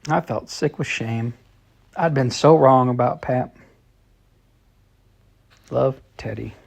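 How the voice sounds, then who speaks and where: A man's voice: mid-range voice, slow, gravelly, darkish tone. A man reading a children's story told in letters, in plain, friendly storytelling. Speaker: storybook reader.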